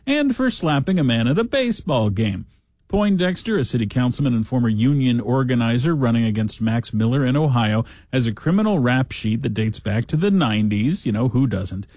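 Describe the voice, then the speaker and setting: A man's voice: mid-range voice, a little mellow, no echo, clean studio sound. A man hosting a talk show, giving casual news commentary with sarcastic, joking asides.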